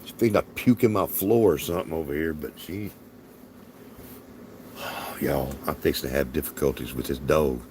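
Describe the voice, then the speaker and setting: A man's voice: very deep voice, moderate pace, noisy background. A man with a Southern US accent rambling in folksy, chuckling casual chat as a livestream host. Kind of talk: casual live-stream chat.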